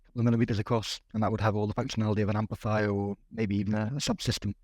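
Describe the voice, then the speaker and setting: This man in his forties, a technology executive with a Welsh accent, is a guest in a casual interview, answering hesitantly with light laughs and frequent repeated words. His voice is on the low side, fairly even in intonation and racing. There's no room sound.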